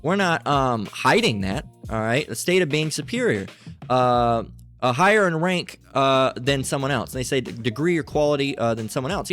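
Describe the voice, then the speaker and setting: A man's voice: medium pitch, a bit bright. A man giving an unscripted religious monologue, reading out definitions and stumbling through frequent fillers and restarts. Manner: halting, many fillers and restarts, preachy. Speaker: religious commentator.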